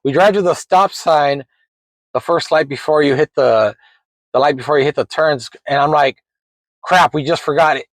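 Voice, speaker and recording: A man's voice: a little high, normal speed, no echo, poor audio. Man rambling through a funny memory. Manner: rambling, animated, laughs while telling. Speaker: storyteller. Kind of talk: casual personal storytelling.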